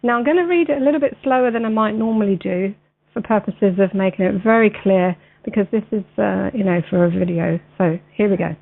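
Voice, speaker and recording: A woman standing in as radio show host, chatting with many ums and then reading a text slowly and deliberately. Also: mid-range voice, vocal fry. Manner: many ums and uhs, friendly, says "mate" and "wee". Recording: tinny phone-line sound.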